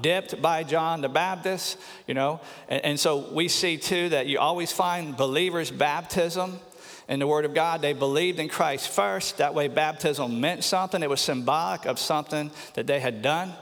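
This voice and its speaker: A pastor preaching a sermon with earnest emphasis, slowing down on key phrases and sometimes repeating words. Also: male voice, fairly high pitch, a bit bright. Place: church sanctuary. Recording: long church hall reverb.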